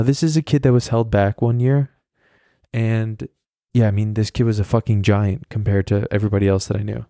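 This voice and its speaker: A man's voice: lowish voice, mellow, no echo, studio quality. A man hosting a podcast alone, telling a story in a rambling, profane way and laughing at himself. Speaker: podcast host. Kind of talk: casual solo storytelling.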